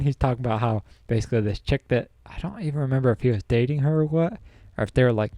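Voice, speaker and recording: A man's voice: medium pitch, fast, dark tone, dry recording. A young man co-hosting a podcast, telling a story in casual chat, laughing often and acting out quotes. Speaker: podcast co-host.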